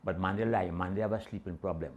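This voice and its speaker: An older man with a Trinidadian accent telling a comic story in dialect, animated and acting out the characters. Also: sits low, quick pace. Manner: animated Caribbean-dialect storytelling with voiced quotes.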